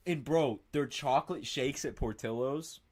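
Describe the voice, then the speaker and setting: In a mid-range voice and at a slightly slow pace, a young male streamer from northern Indiana chats casually with his audience. He reads viewer comments, rambles excitably, swears a lot, and drops "bro" constantly.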